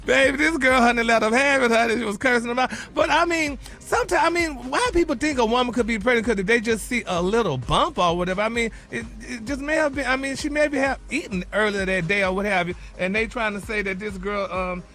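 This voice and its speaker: Host slot, sassy gossip man, high bright voice, constant "honey", light music under him. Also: fast talker, hardly any pauses. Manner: sassy, peppers talk with "honey" and "y'all". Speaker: celebrity gossip reporter. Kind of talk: flamboyant gossip segment.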